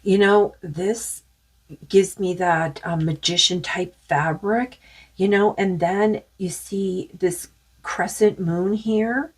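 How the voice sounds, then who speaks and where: A woman's voice: medium pitch, steady tone, takes it slowly, slightly rough. A woman doing a spiritual tarot card reading in a rambling, musing way with many fillers, saying she is losing her voice.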